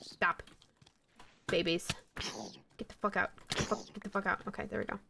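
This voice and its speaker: A woman's voice: mid-range voice, little pitch movement, brisk, gravelly, background noise. A young adult woman streaming a game, chatting casually, swearing and thanking followers. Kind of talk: casual gaming stream chat.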